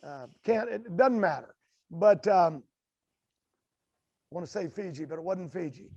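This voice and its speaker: An older American man, a racing guest, telling stories in a halting, rambling way with many fillers and restarts. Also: high voice, expressive, a little mellow, slightly rough, no room sound, highs cut off. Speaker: guest, drag racer. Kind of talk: storytelling interview.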